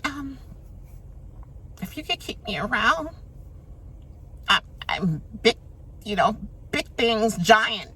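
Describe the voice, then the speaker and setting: A woman mimicking a begging, breathy houseguest man. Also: on the high side, sing-song, slow, long pauses, pitched above the performer's own voice, exaggerated voice. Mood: pleading. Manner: breathy, soft and pleading, with half-whispered lines. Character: pleading male houseguest begging to stay.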